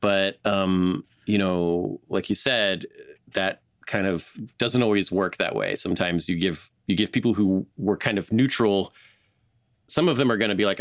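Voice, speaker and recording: A man co-hosting a casual podcast, telling a history story in an animated way and laughing often. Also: deep voice, moderate pace, no room sound, studio quality.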